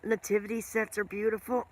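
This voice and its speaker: A woman's voice: mid-range voice, level tone, normal speed. A middle-aged woman chatting casually with viewers on her livestream, rambling from story to story and greeting people by name. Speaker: livestream host.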